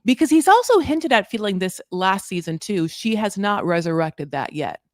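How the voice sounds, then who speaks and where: A woman hosting a casual recap chat, animated and mimicking the people she quotes. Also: medium pitch, normal speed, no room sound, clean studio sound. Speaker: host.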